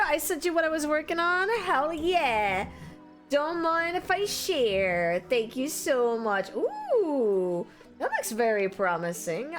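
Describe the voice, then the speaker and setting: A woman streamer, chatting casually with viewers and greeting them with excited squeals. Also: unhurried, soft background music. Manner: bubbly, greets chat with high excited squeals. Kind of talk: casual live-stream chat.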